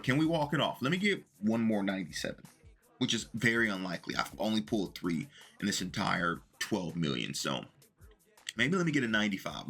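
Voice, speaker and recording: Man, gaming commentary, low voice, forceful bright tone, chatty, thinks aloud, faint music behind. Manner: chatty, talks through his math aloud. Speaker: gaming video creator. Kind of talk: casual commentary to viewers while opening packs.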